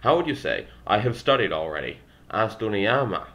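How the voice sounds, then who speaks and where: The voice is lowish, sing-song and a bit bright, at a normal speed: a young native English speaker recording his own study session. He reads a textbook's exercises aloud as a language learner and answers them, with wry remarks.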